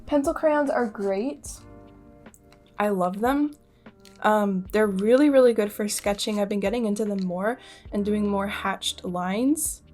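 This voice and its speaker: A woman's voice: mid-range voice, unhurried, darkish tone. Chatty young Canadian woman vlogging. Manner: rambling, chatty, many fillers. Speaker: art vlogger. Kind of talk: casual vlog talk. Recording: faint music behind voice.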